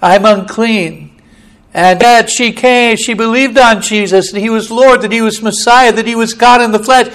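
A man preaching a fiery sermon, swinging between hushed storytelling and loud, emphatic hollering with a repetitive preaching cadence. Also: extremely high pitch, steady tone, normal speed, few pauses, clean tone, rough recording.

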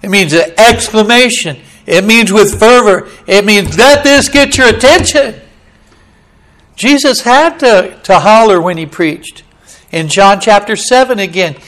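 Guy preaching hard, high voice, goes quiet then hollers, keeps repeating himself. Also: moderate pace, rough recording. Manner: swings from hushed retelling to loud hollering; emphatic, repetitive preaching cadence. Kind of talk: fiery sermon.

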